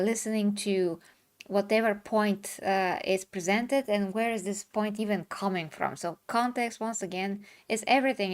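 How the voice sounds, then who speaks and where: Chatty woman hosting a discussion. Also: medium pitch. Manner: rambling, restarts mid-sentence, reads viewer comments aloud. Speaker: host. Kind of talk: casual chat.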